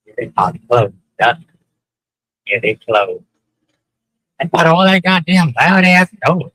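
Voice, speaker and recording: A man with a mid-range, fairly bright voice and a breathy edge hosts a casual live stream as he walks city streets at night. Flamboyant and profane, he calls his viewers honey and breaks into sing-song outbursts, all on a low-quality recording.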